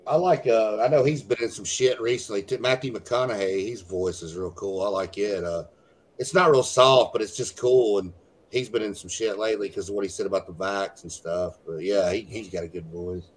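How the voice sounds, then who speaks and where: A laid-back man with a lowish voice, chatting easily about films and swearing now and then. A faint hiss sits under his voice. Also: moderate pace. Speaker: podcast co-host. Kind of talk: casual movie commentary chat.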